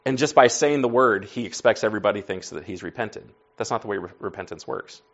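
A man's voice: on the low side, fast, highs cut off. A man preaching to a class in a conversational teaching style, folksy, asking the group questions and answering them himself. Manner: folksy, says y'all and like.

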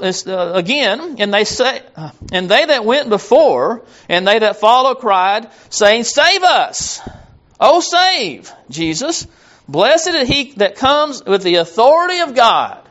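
A man's voice: extremely high pitch, fairly bright tone. A man preaching a sermon, rambling, repeating words and losing his place as he reads scripture. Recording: dull lo-fi sound.

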